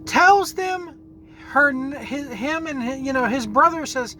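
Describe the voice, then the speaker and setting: Bright-voiced man in a heated game rant. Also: extremely high pitch, animated, measured pace, slight background noise, rough recording. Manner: angry, profane, repeats words while searching for them. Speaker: gaming channel host. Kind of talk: ranting video game commentary.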